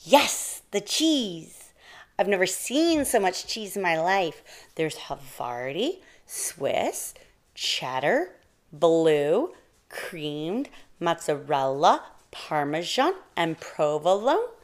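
A woman voicing a tiny, excitable female mouse with a squeaky, eager way of talking. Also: slow pace. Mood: dreamy. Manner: squeaky, breathless, pleading.

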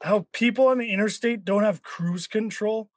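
A man's voice: high-pitched, normal speed, no echo. A young man hosting a casual podcast chat, ranting with lots of swearing. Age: young adult. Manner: profane, ranting. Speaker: podcast host.

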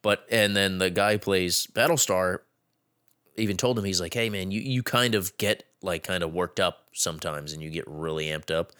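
Low male voice, casual co-host, halting with restarts. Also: fairly bright tone, clean tone. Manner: halting, many restarts and ums. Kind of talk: casual chat.

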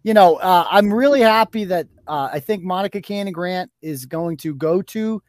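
A man hosting a casual livestream chat, blunt and profane and quick to laugh at his guests. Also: high-pitched, no room sound. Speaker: host.

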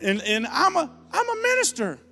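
A man putting on the high squeaky voice of a chirpy teenage church girl. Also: huge pitch swings, normal speed, creaky, bright, forceful tone, soft background music, full character voice.

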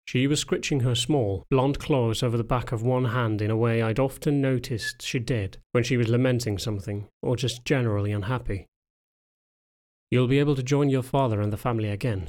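Man calmly narrating a novel. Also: mid-range voice. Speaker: audiobook narrator. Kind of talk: first-person audiobook narration.

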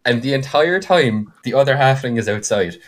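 A man, co-hosting a podcast and telling the story of a game he ran in an animated, filler-heavy way. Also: slight background noise. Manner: animated, with frequent fillers and quick bursts of higher pitch. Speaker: podcast co-host and game master. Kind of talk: casual storytelling chat.

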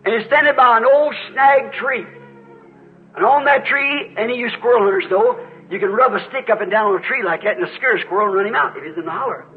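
High-voiced preacher telling his story. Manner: rambling, earnest, addresses congregation directly. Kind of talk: sermon testimony storytelling. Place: church before a congregation. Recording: dull lo-fi recording.

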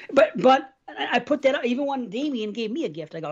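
A man's voice: very high-pitched, lively intonation, fast talker, hardly any pauses, dull audio. A man co-hosting a podcast, rambling in casual, heavily profane chat. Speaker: podcast co-host.

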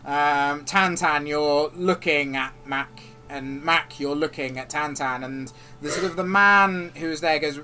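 A game master narrates the scene in a rambling way, padding it with fillers. His voice is high-ish and bright, and faint music plays underneath. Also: measured pace.

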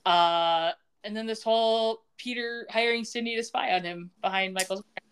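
A woman co-hosts a casual podcast, recapping a TV soap in an animated way and acting out the characters' lines with laughter. Her voice is a little high, clear and resonant, at normal speed.

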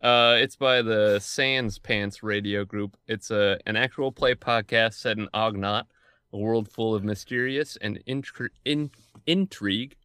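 Low voiced podcast dude, bright tone, dry room, laid back. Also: male voice, fairly even intonation, unhurried, clean tone, dry recording. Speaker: podcast co-host. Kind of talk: casual chat.

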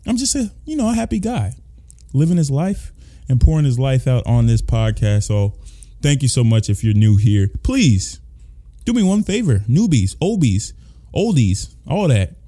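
A man's voice: medium pitch, big pitch swings, normal speed, mellow. A man hosting a podcast in casual chat, hyped and playful, talking with a lot of energy. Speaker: podcast host.

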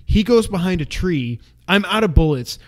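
A young man co-hosting a casual gaming podcast, an animated storyteller who acts out his own yelling. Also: high voice, moderate pace. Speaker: podcast co-host.

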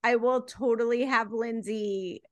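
A woman in her forties co-hosting a casual movie review chat, animated and quick to do mock voices when quoting. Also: fairly high pitch, no room sound. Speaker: podcast co-host.

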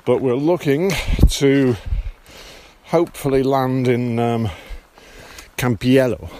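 This podcast host is a British man, speaking British English, casually recounting his walking pilgrimage on the Camino in a medium-pitched, darkish voice. He's talkative and self-deprecating, often restarting sentences, and there's a slight hiss or hum.

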